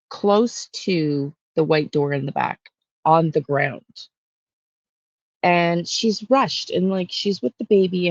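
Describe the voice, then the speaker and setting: A woman talking straight to camera as a true crime intuitive, rambling and halting with lots of fillers and restarts. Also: fairly low pitch, darkish tone, dry recording, highs cut off. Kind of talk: casual monologue on camera.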